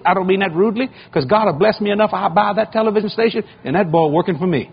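Raspy preacher guy, kinda high voice, bold and emphatic, dull lo-fi sound. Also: expressive, rapid-fire, hardly any pauses. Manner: bold, emphatic, repeats words while building a point. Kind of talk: sermon with personal anecdotes.

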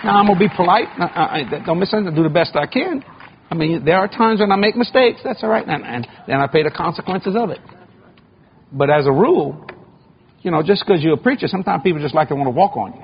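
A man's voice: high-pitched, lively intonation, fast, muffled recording, slight background noise. A man preaching a sermon and telling stories from his own life, speaking boldly and often repeating words as he builds a point. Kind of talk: sermon with personal anecdotes.

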